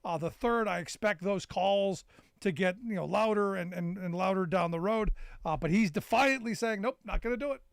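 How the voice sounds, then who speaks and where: High-voiced wisecracking radio host man. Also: moderate pace, vocal fry, dry recording, clean studio sound. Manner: wisecracking, sarcastic asides. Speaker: radio talk show host. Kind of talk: call-in talk radio chat.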